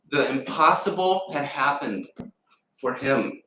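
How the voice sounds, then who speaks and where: A man preaching a sermon in a church, retelling a story with lively acted-out voices. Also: medium pitch, measured pace, slight background noise. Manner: animated storyteller acting out voices. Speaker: pastor. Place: church sanctuary. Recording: echoey room, mic at a distance.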